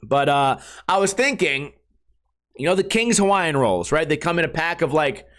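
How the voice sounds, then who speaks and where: Profane rambling man, slightly high voice. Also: animated, a bit bright. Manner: rambling, profane, jokey, acts out friends in quick impressions. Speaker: podcast host. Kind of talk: casual solo podcast chat.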